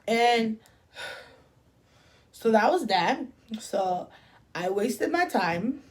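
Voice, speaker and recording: A woman's voice: on the high side, lively intonation, very slow, long pauses, darkish tone. A young woman chatting casually through a storytime while doing her makeup, full of "like" and "literally". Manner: chatty, filler-heavy with frequent "like" and "literally". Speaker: beauty vlogger.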